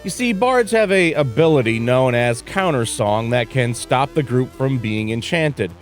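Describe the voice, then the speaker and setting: A man reads a scripted recap at a steady, measured clip, his voice sitting mid-range. Faint instrumental music plays beneath him. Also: medium pitch. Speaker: tribute video narrator. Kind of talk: scripted narration.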